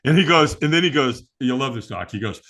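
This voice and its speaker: A man's voice: medium pitch, brisk. A middle-aged man, the interview guest, telling stories in a casual chat, acting out quotes and laughing often. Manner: animated storyteller, acts out quotes, laughs often. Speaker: guest, firewalk instructor.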